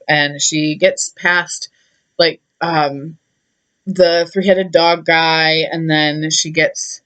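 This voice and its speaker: A woman's voice: lowish voice, fairly bright tone. A young woman retelling a myth in a chatty, irreverent way, with many fillers. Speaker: storyteller.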